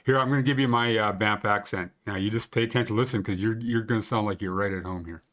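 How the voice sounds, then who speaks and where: A man's voice: fairly low pitch, fast talker, hardly any pauses, a bit bright. A man hosting a casual live stream about local ski conditions, chatting with viewers in a rambling, joking way with lots of fillers. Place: Banff area.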